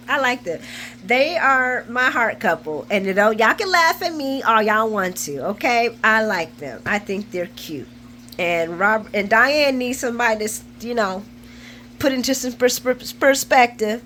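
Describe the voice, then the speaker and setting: Bright-voiced woman in her forties chatting. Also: a little high, animated, unhurried, a little hiss or hum. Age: 40s. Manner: chatty and colloquial, laughs often, retells scenes with feeling. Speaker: soap opera recap host. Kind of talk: casual chat, episode recap.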